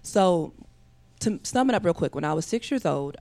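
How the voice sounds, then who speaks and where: A woman telling a long personal story as a podcast guest, rambling with fillers and acting out other people's voices with big jumps in pitch. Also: lively intonation, moderate pace, a little mellow. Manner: talks in rambling runs with many fillers.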